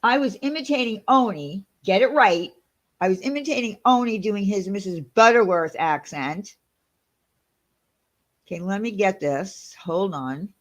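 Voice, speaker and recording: A woman hosting a channel in a casual livestream chat. She talks in an animated, indignant, gossipy way. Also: mid-range voice, measured pace. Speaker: channel host.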